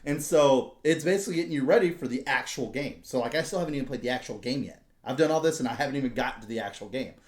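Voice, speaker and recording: A man hosting a podcast, telling a story in casual, profane, animated chat, with a noticeable echo around him. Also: mid-range voice, fast, hardly any pauses. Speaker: podcast host. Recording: roomy echo.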